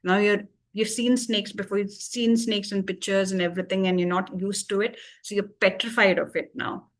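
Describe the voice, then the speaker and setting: A woman tutor patiently explaining English vocabulary with everyday examples, pausing often with fillers. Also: mid-range voice, steady tone.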